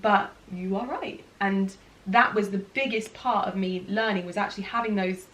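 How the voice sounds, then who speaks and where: A woman's voice: mid-range voice, fairly bright tone. Earnest woman, distant and roomy. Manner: earnest, reflective, halting restarts. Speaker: guest, former client. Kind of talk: conversational interview. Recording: roomy sound, distant from mic.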